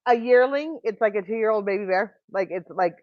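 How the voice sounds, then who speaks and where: A woman hosting a livestream, talking in casual chat and telling rambling, animated stories full of restarts. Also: mid-range voice, normal speed, no echo, lo-fi sound. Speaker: livestream host.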